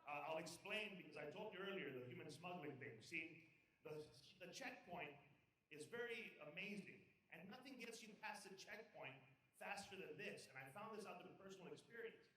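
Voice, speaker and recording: Bright-voiced man doing stand-up. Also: high voice, lively intonation, moderate pace. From South Texas. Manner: chuckles at his own jokes, jumps into loud character voices. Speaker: stand-up comedian. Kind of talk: live stand-up comedy. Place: event hall with live audience. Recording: echoey hall, picked up from far off.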